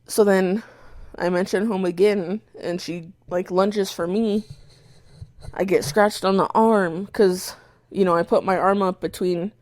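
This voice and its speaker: A young woman on a podcast tells a story in a loose, animated way. She curses freely and bursts into the shouted lines she is quoting. Her voice is mid-pitched, recorded close and dry, with no room sound. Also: a little slow, no room sound. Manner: animated retelling, swears a lot, acts out her own shouts. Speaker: podcast co-host. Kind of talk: casual storytelling chat.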